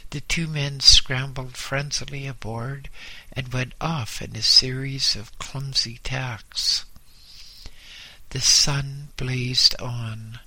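A man narrates a first-person story with slow, grave drama. His voice has a bright, tense edge. The sound is dry and close, with no room around it. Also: mid-range voice, no echo. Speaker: audiobook narrator.

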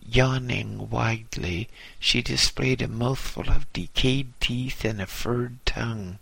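Gravelly man reading a memoir. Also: mid-range voice, slow pace, fairly bright tone, no echo. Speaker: narrator. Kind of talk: audiobook narration.

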